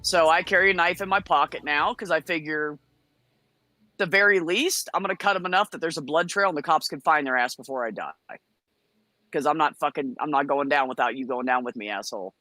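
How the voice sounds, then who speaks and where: Brash American woman, bright forceful voice, profane storyteller, soft music under. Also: low-pitched, fairly quick, dry recording. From United States. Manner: blunt, profane, animated storytelling. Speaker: guest. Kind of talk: casual storytelling on a chat show.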